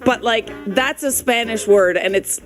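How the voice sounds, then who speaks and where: A woman's voice: a little high, unhurried, soft background music. A woman giving chatty, teasing reaction commentary, often breaking into giggles.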